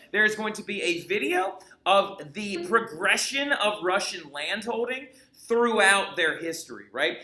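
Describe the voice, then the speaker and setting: Chatty high-voiced teacher, bright and echoey. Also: male voice. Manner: chatty, keeps asking "right?". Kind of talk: casual recorded history lesson.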